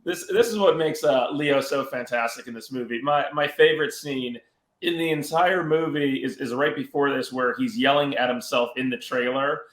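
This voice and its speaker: A man's voice: mid-range voice, normal speed, fairly bright tone. A man guesting on a casual movie review chat, retelling favorite scenes with relish. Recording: roomy echo.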